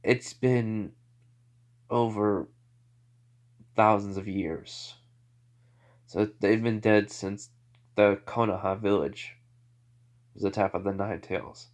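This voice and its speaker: A man's voice: on the low side, steady tone, slow, pauses often. A playful, cocky teenage ninja boy who loves to tease, voiced by a man telling the story. He talks offhand and brash, like a storybook told aloud at home.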